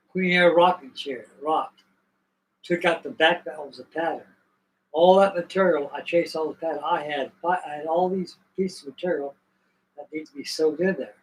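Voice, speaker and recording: A man's voice: on the high side, normal speed, far from the mic, a little hiss or hum, low-quality recording. An older man from Virginia, hosting a live stream, spinning a rambling, folksy story with restarts. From Virginia, USA. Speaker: host.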